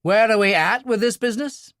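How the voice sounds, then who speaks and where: A grumbling, blunt upper-class gentleman, as a male narrator puts him on. The voice sits high with wide swings, in a dry, close sound. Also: a little fast, no room sound.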